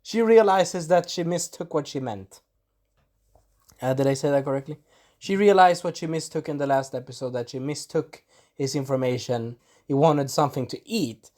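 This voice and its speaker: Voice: mid-range voice, moderate pace, dark tone. Rambling anime reviewer. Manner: rambling, swears, acts out quotes. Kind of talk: casual spoken review.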